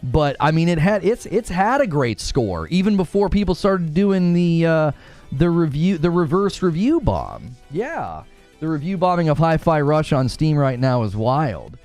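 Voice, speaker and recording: A man's voice: fairly high pitch, big pitch swings, measured pace, a little mellow, soft background music. A man hosting a live gaming talk stream, reading viewer tips and joking sarcastically, laughing often. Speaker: live talk show host. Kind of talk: live stream commentary reading super chats.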